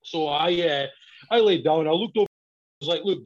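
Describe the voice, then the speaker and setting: A man telling a story in casual chat, swearing often and laughing as he goes. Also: moderate pace. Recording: dull, low-fidelity recording.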